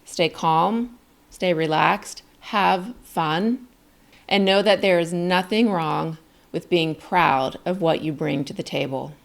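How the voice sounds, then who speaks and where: In a direct-to-camera lesson, a middle-aged woman coaches viewers through job interviews with upbeat, emphatic encouragement. Her fairly low voice is gravelly, and she speaks slowly.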